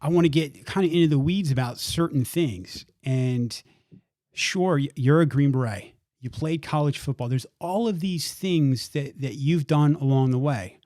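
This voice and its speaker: A man's voice: fairly high pitch, moderate pace, warm tone, dry recording, studio quality. A man hosting a podcast, giving an earnest introduction and then interviewing his guest, often repeating words as he gathers his thoughts. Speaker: podcast host.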